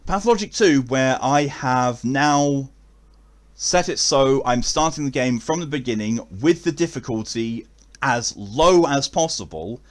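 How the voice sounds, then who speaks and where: A man's voice: mid-range voice, lively intonation, measured pace. A man with an English accent chatting casually to his viewers at the end of a stream, rambling with many fillers and restarts. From England.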